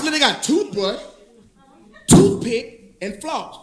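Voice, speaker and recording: A man performing stand-up on a club stage, his voice unusually high and swinging widely in pitch. He drawls through stories and shouts out the punchlines, and the room around him rings with echo and audience laughter. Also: very animated, a little slow, pauses often. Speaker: stand-up comedian. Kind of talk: stand-up comedy set.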